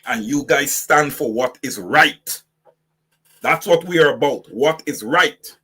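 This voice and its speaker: A man's voice: mid-range voice, animated, slow pace, pushed and bright, slightly rough. A man with a Guyanese accent hosting impassioned political commentary, preaching fiery direct address to his audience. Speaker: host.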